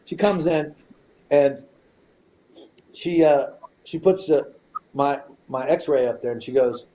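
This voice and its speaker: A man's voice: mid-range voice, unhurried, pauses often. A middle-aged man on a podcast, telling a story in casual, profane talk and acting out the people in it. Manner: profane, animated, quotes people in his stories. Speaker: podcast guest. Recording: slightly dull podcast audio, faint noise.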